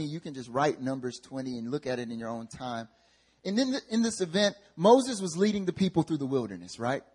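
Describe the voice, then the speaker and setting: Brief: male pastor, slightly high, husky voice, animated and joking, preaching in church. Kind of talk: sermon. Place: church service.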